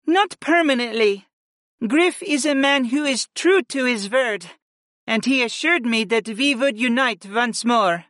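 A man's voice: animated, a little slow, a bit bright, no room sound, heavily acted. A man voices a young warrior princess in a lifted, emotional voice that leaps up and down. Her tone is earnest and tender, close and dry in the storybook reading. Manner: high, emotional, pleading.

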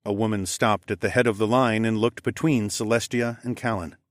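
A man's voice: fairly low pitch, fairly even intonation, fairly quick, no echo, clean studio sound. A man narrating a fantasy audiobook in the first person, conversational and wry with casual swearing.

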